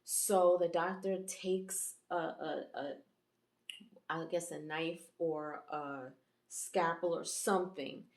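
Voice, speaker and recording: A woman with a lowish voice talks casually through a TV episode review, rambling along with plenty of fillers and self-corrections. Her voice rings in an echoey room. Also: fairly even intonation, slow. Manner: chatty and rambling, many fillers and restarts. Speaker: YouTube reviewer and channel host.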